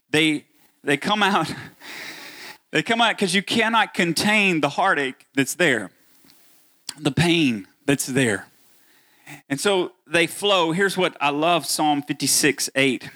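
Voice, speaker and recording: A middle-aged male pastor, preaching a sermon and speaking straight to his congregation. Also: fairly high pitch. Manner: animated preaching, addresses congregation directly.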